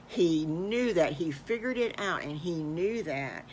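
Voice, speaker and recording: An older woman telling an improvised story to children, speaking in a halting, homey way. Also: low voice, animated, darkish tone, a little hiss or hum. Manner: halting, with fillers and restarts, homey.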